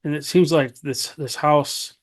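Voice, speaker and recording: A man's voice: on the high side, steady tone, a little slow. A man hosting a podcast, prompting his guest with brief, encouraging interjections. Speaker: podcast host. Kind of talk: casual interview.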